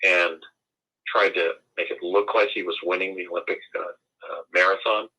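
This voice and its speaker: Husky, bright-voiced man, emphatic and formal. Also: low voice, fairly even intonation, moderate pace, rough recording. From United States. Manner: emphatic, formal wording, indignant. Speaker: interview guest. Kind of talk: conversational interview.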